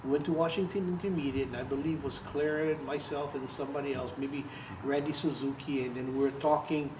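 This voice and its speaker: A man's voice: a little high, fairly even intonation, quick pace, far from the mic. An older man, telling stories in an oral history interview, laughing and acting out what others said. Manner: storytelling, laughs often, acts out quotes. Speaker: interviewee, former activist. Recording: roomy, off-mic, faint background noise.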